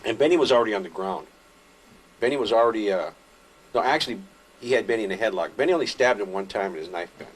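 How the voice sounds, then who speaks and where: A man casually recounting his own story in an interview, rambling with fillers and restarts, animated when telling action. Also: on the low side, fast, slightly rough.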